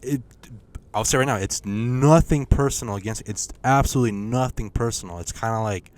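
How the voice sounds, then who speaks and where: A man's voice: medium pitch, a little fast. A young man co-hosting a podcast in casual chat, hesitant and joking, with plenty of swearing. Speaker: podcast co-host.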